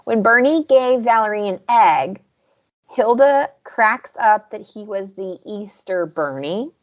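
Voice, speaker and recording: A woman with a Southern US accent chats casually as a podcast co-host and goes over scenes in detail. Her pitch rises and falls a lot. The audio is dull and lo-fi. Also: expressive, takes it slowly. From American South. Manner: chatty, recaps scenes in detail. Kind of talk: casual chat.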